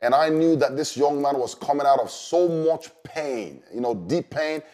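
A man, a pastor, telling a personal story in an earnest, unhurried way with many fillers. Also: fairly high pitch, mellow. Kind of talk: storytelling testimony.

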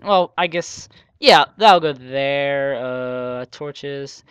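A man's voice: medium pitch, extremely slow, fairly bright tone, clear, resonant tone, no echo. A man hosting a gaming channel, giving rambling, self-mocking let's play commentary with joking asides.

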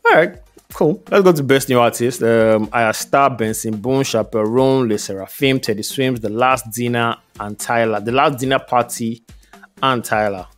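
A man co-hosting a relaxed music podcast, reading through lists of nominees at an easy pace and laughing often. His voice sits in a middle range, and faint music plays underneath. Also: mid-range voice, normal speed. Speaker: podcast co-host. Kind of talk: casual podcast chat.

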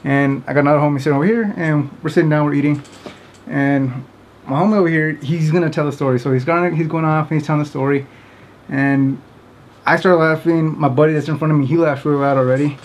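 A man's voice: on the high side, steady tone, quick pace, a little hiss or hum. A man casually telling a funny story to camera, rambling with many fillers and often breaking into laughter. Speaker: vlogger.

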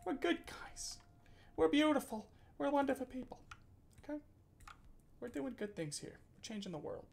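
Animated man streaming a game. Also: extremely high pitch, normal speed, gravelly, slight background noise. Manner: animated, giggly, swears casually, reads game text aloud. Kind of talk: casual gameplay commentary.

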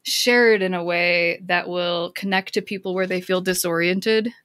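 A woman guest on a podcast, a counselor and author, talking reflectively with many "like" fillers and bursts of excited emphasis. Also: fairly low pitch, moderate pace, no room sound. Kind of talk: casual podcast conversation.

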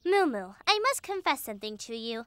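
A woman's voice: high voice, big pitch swings, fairly bright tone, clear, resonant tone, no echo. A woman voicing a cheeky, cheerful young female turtle in a dubbed cartoon, teasing her friends. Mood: chatty. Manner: cheeky, teasing, quick to joke. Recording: children's music under the voice. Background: children's music.

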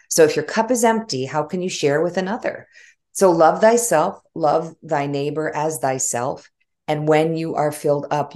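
Woman, Chicago accent, low voice, gravelly, animated storyteller, interview guest. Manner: animated storytelling with frequent laughs. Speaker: guest, former broadcast journalist. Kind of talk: conversational interview.

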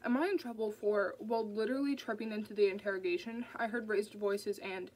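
A woman voicing a gentle, sheepish young man who speaks softly, in an audiobook reading. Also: medium pitch, fairly even intonation, brisk, natural voice, low-quality recording. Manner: soft-spoken, sheepish.

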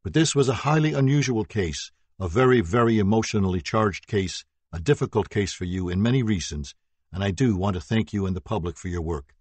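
A formal, measured judge speaks from the bench, as a man reads his words. His voice is low and a little husky, recorded dry and close. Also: a little mellow, dry recording. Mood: grateful. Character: formal male judge addressing court.

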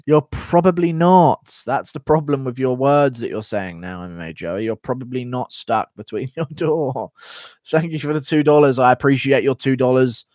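A man's voice: mid-range voice, moderate pace, a little mellow, no echo, clean studio sound. Crude, joking male streamer. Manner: crude, profane, joking banter while reading donations. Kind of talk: casual live-stream chat.

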